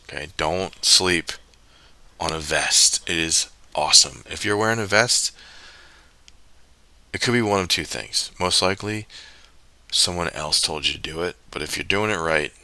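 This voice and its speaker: A man's voice: low-pitched, moderate pace, creaky, long pauses, bright, forceful tone, no echo. A man hosting a stream, talking in a rambling, casual monologue full of jokey asides and self-corrections. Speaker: stream host.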